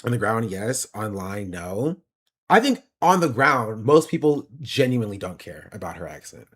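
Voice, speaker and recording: A man's voice: fairly low pitch, sing-song, normal speed, a bit bright, breathy edge. A man streamer giving opinionated, explanatory political commentary.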